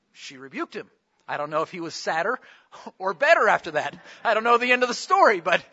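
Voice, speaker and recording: A man's voice: high-pitched, pushed and bright, muffled recording. A man preaching a conversational sermon, asking his listeners questions as he goes. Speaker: pastor.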